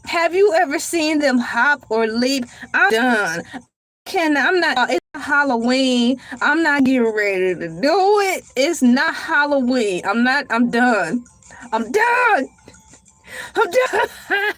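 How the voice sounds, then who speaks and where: A woman hosting a casual live stream, talking in an animated, dramatic way and breaking into shouts and laughter. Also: sits high, a little slow, soft background music. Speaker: livestream host.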